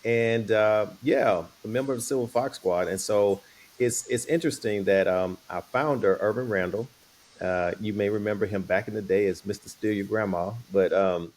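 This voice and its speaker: Relaxed man telling a story, low voice. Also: normal speed. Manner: relaxed, playful, acts out quoted voices. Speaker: guest. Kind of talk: casual storytelling interview.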